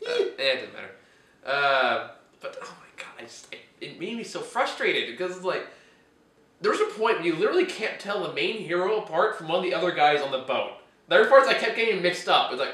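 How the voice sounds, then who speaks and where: A man's voice: a little high, very animated, a little fast, bright, forceful tone, roomy sound. A man hosting a casual chat about bad movies, ranting in an exasperated way and laughing often. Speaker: host reviewing movies.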